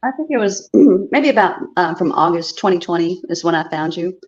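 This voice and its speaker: A woman's voice: lowish voice, animated, normal speed, a little mellow, highs cut off. A woman from Chicago calling in to a show, telling a story chattily with laughing asides. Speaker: caller. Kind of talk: casual storytelling on a call-in.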